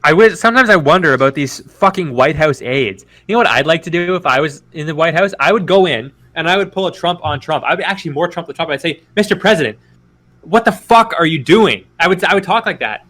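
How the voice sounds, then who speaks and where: A man's voice: a little high, fast talker, hardly any pauses, bright, forceful tone. A man co-hosting a podcast in casual political chat, rambling and profane with many restarts. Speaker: podcast co-host.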